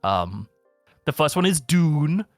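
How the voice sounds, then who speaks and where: A man chats on a live stream and rambles through stories, packing his talk with fillers. His voice sits at an ordinary pitch with a dry, close sound. Faint music plays behind him. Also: slow pace, no echo. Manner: rambling, heavy on fillers, animated storytelling. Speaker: stream guest. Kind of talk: casual chat.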